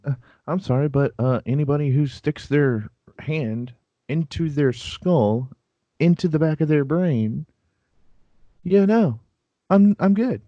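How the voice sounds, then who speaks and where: A man's voice: on the high side, lively intonation, slow pace, dry recording, highs cut off. A man co-hosting a casual anime chat, talking in a chatty, defensive way and laughing easily. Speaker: podcast co-host.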